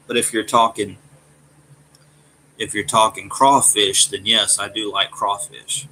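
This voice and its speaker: A man from Alabama with a Southern accent and a gruff voice, casually chatting with his live-stream viewers and often stumbling over his words. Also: on the low side, fairly even intonation, bright, forceful tone, slight background noise, low-quality recording. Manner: halting, repeats words and restarts. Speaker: streamer reading chat.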